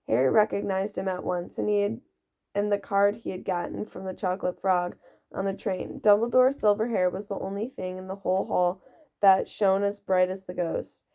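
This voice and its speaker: A woman's voice: medium pitch, fairly even intonation, normal speed, creaky, mellow. A woman doing an amateur audiobook reading, often slipping and restarting, on a dull lo-fi recording. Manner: reads with frequent slips and restarts. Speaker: reader.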